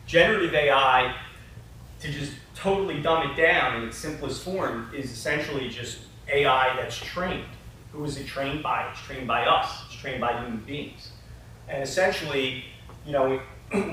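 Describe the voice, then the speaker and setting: Bright-voiced man presenting in an echoey hall. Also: medium pitch, slight background noise. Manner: conversational, with frequent "you know" and "right?". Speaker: conference presenter. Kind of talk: casual conference presentation. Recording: echoey hall, picked up from a distance.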